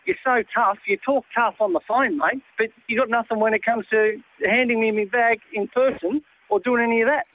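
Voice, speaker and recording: A man's voice: very high voice, a little fast, hardly any pauses. An indignant Australian man on a phone call, talking bluntly and calling everyone mate. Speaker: prank call target. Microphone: telephone. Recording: tinny phone line with faint noise.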